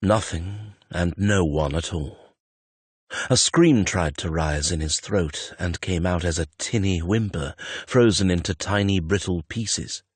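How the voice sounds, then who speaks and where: A man's voice: sits low, unhurried, slightly rough, dry recording. A man reading a romance audiobook in a tense, dramatic narration on a close studio mic. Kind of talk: scripted narration.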